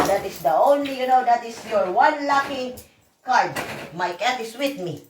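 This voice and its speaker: A hoarse woman vlogger, ranting in a profane, rambling, emphatic way. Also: medium pitch, far from the mic, slight background noise. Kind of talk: emotional rant to camera. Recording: echoey room, voice off-mic.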